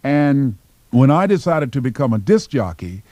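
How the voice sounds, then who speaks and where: A man from Miami, Florida, giving a motivational speech through personal stories, with slow, emphatic phrasing. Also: mid-range voice, big pitch swings, dark tone, no echo. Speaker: motivational speaker.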